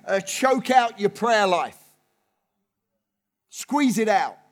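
A pastor delivering an impassioned sermon, his voice sitting unusually high for a man. He drives his points home with rhythmic repetition, letting the phrases pile up one after another.

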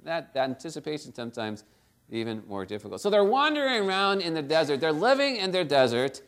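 A man's voice: a little high, big pitch swings, brisk, a bit bright, clear, resonant tone. A middle-aged man preaching a conversational sermon, often checking in with "right?" and acting out the quotes he tells. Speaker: pastor.

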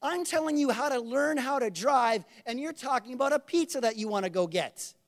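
High-voiced man preaching a lively sermon. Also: brisk. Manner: conversational, animated preaching with acted-out quotes; calls the congregation to respond. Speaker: pastor.

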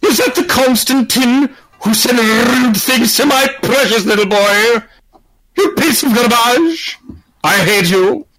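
A man voicing a doting, unhinged cartoonish mother in a shrill, melodramatic improvised comedy voice. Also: takes it slowly, fairly bright tone, exaggerated voice, low-quality recording. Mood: indignant. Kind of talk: improvised comedy voice in online chat.

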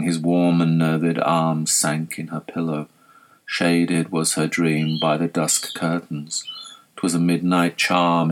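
A man reciting a long narrative poem in a measured, solemn way. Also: deep voice, rough recording. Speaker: poetry reader. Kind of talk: poetry recitation.

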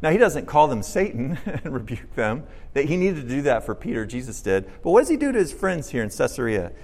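A man's voice: mid-range voice, brisk. A man preaching a sermon, asking his listeners questions and acting out the lines he quotes. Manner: animated preaching, asks the audience questions, acts out quotes. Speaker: pastor.

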